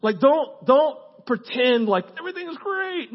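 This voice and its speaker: A man preaching a sermon as pastor, animated and conversational with asides. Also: very high voice, normal speed, hardly any pauses, dull audio. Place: church.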